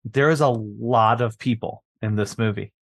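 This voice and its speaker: A man's voice: fairly low pitch, normal speed, creaky. A guest on a film podcast, a man who chimes in with agreeable comments about the movie. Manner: agreeable, chimes in with short remarks. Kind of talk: casual movie discussion.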